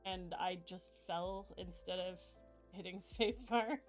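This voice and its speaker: A woman's voice: fairly low pitch, fairly even intonation, unhurried. A woman streaming a game, chatting casually and rambling, with frequent giggles. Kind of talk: casual chat while gaming. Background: game music.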